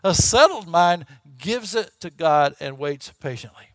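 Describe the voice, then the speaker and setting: A man's voice: on the high side, expressive, unhurried, few pauses, dry recording, clean studio sound. A man preaching a sermon in a folksy, conversational way, often checking in with "okay?" and "right?". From Texas. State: clearing his throat, voice catching. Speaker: pastor.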